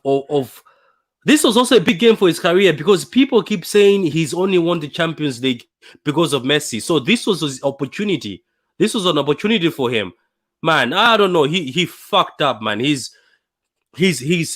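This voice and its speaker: A young man hosting a fan livestream after a painful defeat, talking in a dejected, halting way with many repeats and restarts. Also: on the high side, fairly bright tone. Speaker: fan channel livestream host. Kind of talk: emotional post-match fan livestream.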